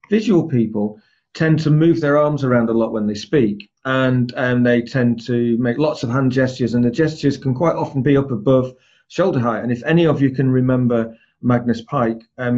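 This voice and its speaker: A man teaching a group, explaining ideas and sometimes speeding up or slowing down to show a point. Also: medium pitch, a little mellow. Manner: explanatory, varies pace to demonstrate points. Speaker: trainer. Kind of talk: lecture to a group. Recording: slightly dull, lo-fi.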